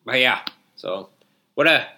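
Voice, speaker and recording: Bright-voiced young man rambling sarcastically. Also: medium pitch, animated, a little slow. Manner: rambling, filler-heavy, sarcastic grumbling. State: yawning, a bit drowsy. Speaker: podcast host. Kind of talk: casual solo podcast monologue.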